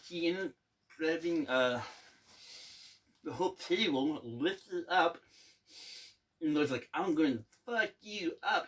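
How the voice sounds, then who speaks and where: A young man casually telling a boot camp storytime, rambling and laughing often, with casual swearing. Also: medium pitch. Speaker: navy veteran telling stories.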